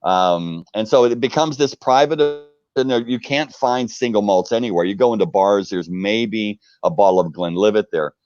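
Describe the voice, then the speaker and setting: A middle-aged man from the United States, a guest on a live video chat, telling stories in a casual, animated way and acting out the quotes. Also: on the low side, moderate pace, highs cut off. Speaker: interview guest. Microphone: video call.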